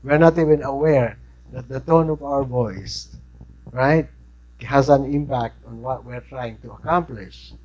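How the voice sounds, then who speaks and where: Speaking a little slowly in a mid-range voice with a darkish tone, a Filipino-accented instructor lectures his class in a conversational way, frequently asking "right?" to check in with listeners. The recording is poor.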